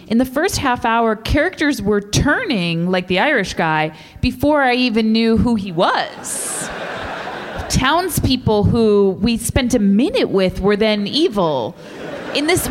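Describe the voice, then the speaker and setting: A woman thoughtfully critiquing a movie's pacing. Her voice moves around a lot in pitch, with faint ambient noise behind her. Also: big pitch swings, measured pace. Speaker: podcast co-host. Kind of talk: casual movie review chat.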